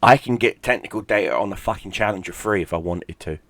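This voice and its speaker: A man's voice: on the low side, quick pace, fairly bright tone, no room sound. A middle-aged man, a gaming YouTuber, in a heated, profane, sarcastic rant. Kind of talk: angry ranting commentary.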